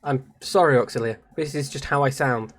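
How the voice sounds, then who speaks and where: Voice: medium pitch, moderate pace. A British streamer chatting casually and self-mockingly during a live game stream, laughing often. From Britain. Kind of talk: live game stream with read-aloud voices.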